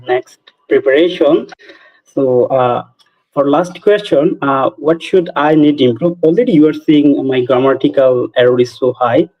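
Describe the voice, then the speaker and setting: Hesitant man from Bangladesh, muffled line. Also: medium pitch. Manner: hesitant, many "uh" pauses. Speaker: test candidate. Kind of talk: hesitant non-native conversation. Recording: muffled lo-fi call audio.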